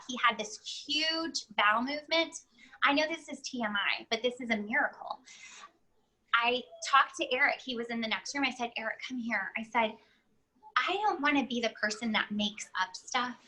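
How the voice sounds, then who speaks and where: Bright, high-voiced woman. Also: low-quality recording. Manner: animated storyteller who acts out quoted dialogue. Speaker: host sharing home remedy testimony. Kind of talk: casual testimony talk.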